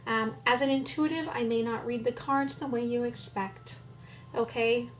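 A woman giving a tarot reading, speaking calmly and often checking in with "okay?". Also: a little high, moderate pace, slight background noise. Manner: calm, frequent "okay?" check-ins. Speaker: tarot reader.

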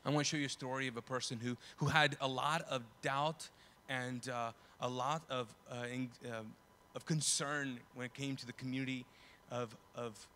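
A man preaching a sermon as pastor in a conversational way, often restarting and correcting himself, and growing loud and lively when he tells stories. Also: medium pitch, normal speed, slight background noise. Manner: grows loud and animated when telling stories.

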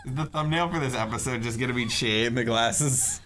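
A man's voice: mid-range voice, a little fast, a bit bright. A young man teasing and joking wryly during a game playthrough. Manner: wry, teasing. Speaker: let's play commentator. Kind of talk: casual gaming chat.

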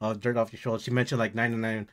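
A man hosting a music reaction video, talking in an excited, slangy way and calling people "dude" and "bro". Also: lowish voice, rapid-fire. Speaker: reaction channel host.

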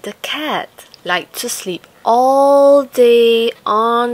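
A woman reading a children's picture book aloud, slow, sing-song and expressive. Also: on the high side. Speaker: storyteller.

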